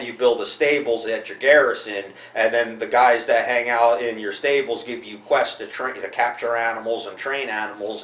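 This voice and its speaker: A man's voice: fairly low pitch, a bit bright, reverberant. A man talking casually to camera about a game, rambling with many restarts and frequent swearing. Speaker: gaming video host.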